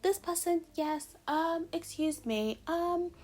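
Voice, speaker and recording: Hesitant, apologetic British schoolteacher reading the register, pitched high , as put on by a woman. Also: slow, a little mellow. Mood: flustered, apologetic. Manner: hesitant, full of ums and apologies.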